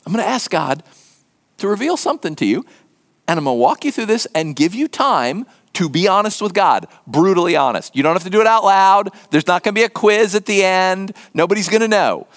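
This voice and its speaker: A man preaching a sermon as pastor, in an earnest, conversational way, dropping to a hushed whisper for emphasis. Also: sits high, expressive, brisk.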